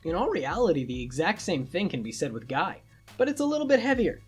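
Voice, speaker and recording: A woman's voice: fairly low pitch, very animated, brisk, over music. A young woman, giving a sarcastic, crude comic explainer to her channel's viewers. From Canada. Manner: sarcastic, playful and crude, slipping into mock voices. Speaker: YouTuber. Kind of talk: comedic explainer monologue.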